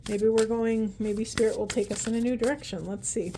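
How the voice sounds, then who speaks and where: A woman's voice: on the high side, steady tone, a little fast, noisy background. Chatty woman doing a spiritual card reading. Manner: chatty, meandering, talks to spirit aloud. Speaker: tarot reader. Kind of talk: casual spoken card reading.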